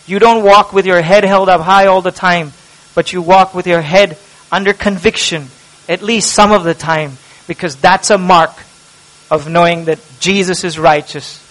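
A man preaching a sermon with passion, dropping to a hush and rising to loud cries. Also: high voice, rough recording. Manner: impassioned preaching, swings from hushed to loud. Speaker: pastor.

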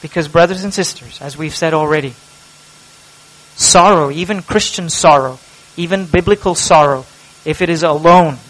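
A man preaching a sermon with passion, dropping to a hush and rising to loud cries. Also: a little high, moderate pace, rough recording. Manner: impassioned preaching, swings from hushed to loud. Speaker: pastor.

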